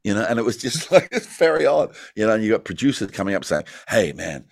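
Deep-voiced Australian man telling stories. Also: big pitch swings, fast, creaky, dry recording, studio quality. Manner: rambling, frequent "you know", laughs as he tells. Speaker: actor guest. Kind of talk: casual interview storytelling.

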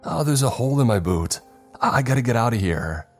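A man's voice: deep voice, moderate pace, mellow, slightly rough, faint music behind. A man voicing a terrified young male crewman calling over the radio in frantic panic. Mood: screaming panic.

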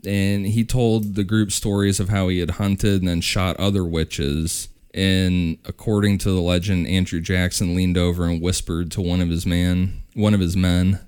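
A man with a very deep, clear voice who tells a ghost story at an easy pace. He stops now and then with "uh" to find the words. It is a laid-back podcast chat. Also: normal speed, few pauses. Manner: relaxed, with fillers and restarts. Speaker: podcast host. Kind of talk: casual storytelling.

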